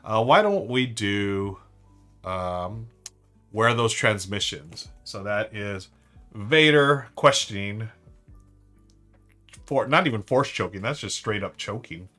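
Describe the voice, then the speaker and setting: A man's voice: on the low side, lively intonation, takes it slowly, long pauses, pushed and bright, faint music behind. A man hosting a live-stream trivia board game, chatting upbeat and thinking aloud to his viewers.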